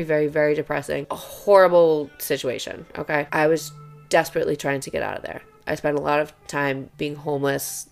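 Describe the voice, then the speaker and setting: A woman's voice: low-pitched, creaky. A young woman hosting a podcast who talks bluntly and confessionally, swearing often and adding lots of "okay" and "right". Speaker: podcast host. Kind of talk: candid personal monologue.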